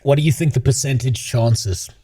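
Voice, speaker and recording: A man's voice: medium pitch, brisk, mellow, breathy edge. A male streamer ranting casually in a mocking tone, laughing often and rambling. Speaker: streamer host. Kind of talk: casual rant.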